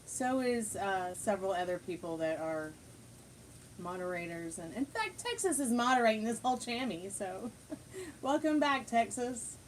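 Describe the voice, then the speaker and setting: A woman's voice: mid-range voice, sing-song, moderate pace, a little hiss or hum, low-quality recording. A woman hosting a casual livestream chat at home, greeting viewers and rambling with many fillers and restarts. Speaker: livestream host.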